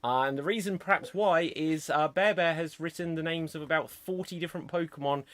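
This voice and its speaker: Upbeat male improv host, high voice. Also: dry recording. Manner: brisk, upbeat, explains games clearly. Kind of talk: hosting live online improv. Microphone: video call.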